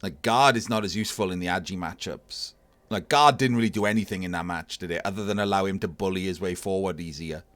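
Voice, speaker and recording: A man casually commentating a video game tournament match, analysing plays in a relaxed, thinking-aloud way. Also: low-pitched, quick pace, dry recording. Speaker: tournament caster.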